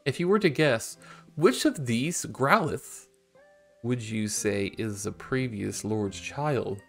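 A man's voice: mid-range voice, expressive, vocal fry, faint music behind, full character voice. A man reading as a stately female clan leader. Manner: slow, measured, stately delivery. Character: dignified female clan leader, calm and formal.

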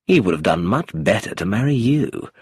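A man's voice: lowish voice, big pitch swings, normal speed, a little mellow, husky, no echo, heavily acted. A man playing a charming, amused rogue who is cold underneath, drawling and chuckling as he talks in a storybook reading.

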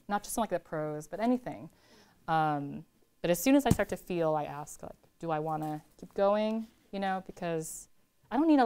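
A woman poet in her thirties, from California, answering audience questions in a chatty, animated way, laughing often and filling her talk with "like". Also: deep voice. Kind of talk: casual talk at a reading Q&A.

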